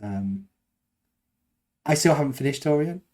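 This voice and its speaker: A man's voice: a little high, expressive, measured pace, darkish tone. Rambling self-deprecating British man. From United Kingdom. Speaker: podcast co-host. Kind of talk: casual chat.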